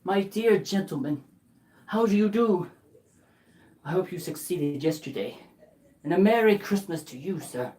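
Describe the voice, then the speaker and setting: Woman doing a reformed old miser, stammering and gleeful, slow, swooping voice. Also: on the low side, expressive, dark tone. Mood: humble. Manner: stammering, breathless glee. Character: old male miser, newly giddy and kind. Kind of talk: live storytelling.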